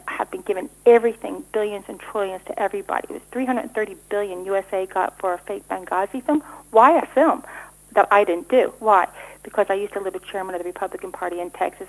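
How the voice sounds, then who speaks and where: A middle-aged woman giving rambling interview answers, talking rapidly with frequent restarts and stumbles. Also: medium pitch, poor audio. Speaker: interview guest.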